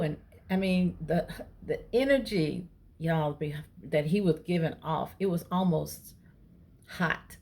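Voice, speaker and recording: Low, gravelly woman telling a story. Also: a little slow. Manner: chatty, animated retelling with quoted dialogue. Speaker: vlogger. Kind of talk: casual storytelling to camera.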